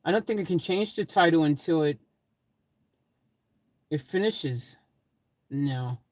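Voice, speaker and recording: A man's voice: on the high side, expressive, slow, no room sound. A man hosting a casual live stream from his van, joking and chatting with viewers in the live chat. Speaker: livestream host.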